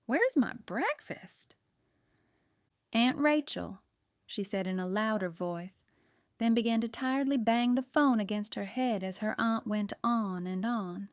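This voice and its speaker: A woman reading a cozy mystery audiobook aloud, telling it in a lively way. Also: mid-range voice, clean tone, dry recording, studio quality. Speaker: audiobook narrator. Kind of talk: scripted narration.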